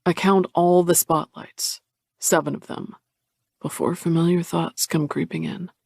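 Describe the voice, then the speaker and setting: A man reading a romance audiobook in the first person, measured and introspective. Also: fairly high pitch, flat delivery, creaky, darkish tone, no room sound, studio quality. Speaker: audiobook narrator. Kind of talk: first-person scripted narration.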